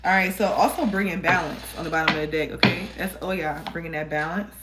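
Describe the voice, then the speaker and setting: A woman's voice: fairly low pitch, fairly even intonation, fast talker, very noisy. A woman giving a casual tarot reading to her viewers, chatty and encouraging, calling them y'all, recorded on a phone camera. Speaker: tarot reader.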